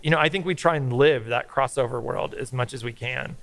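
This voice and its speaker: A middle-aged man talking as a podcast guest, telling animated stories in casual chat and swearing freely. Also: medium pitch, fairly quick, vocal fry.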